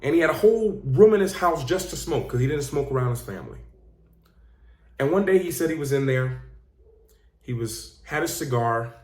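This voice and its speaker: An earnest man coaching his audience, leaning on repetition and emphasis as he tells stories. His voice sits a bit high for a man, and the room adds a clear echo. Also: expressive, moderate pace, long pauses, a little mellow. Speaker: life coach and channel host. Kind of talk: motivational talk. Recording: roomy echo.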